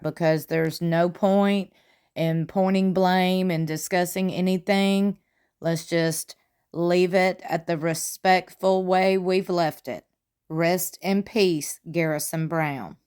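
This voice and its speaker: A woman giving chatty, gossipy commentary on a reality show, retelling what was said with lively emphasis. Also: lowish voice, slow pace, clear, resonant tone. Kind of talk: casual commentary.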